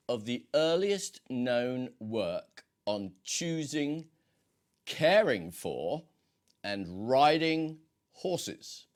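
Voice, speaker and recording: A man hosting a casual quiz, rambling along with many hesitations and fillers. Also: on the high side. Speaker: quiz host.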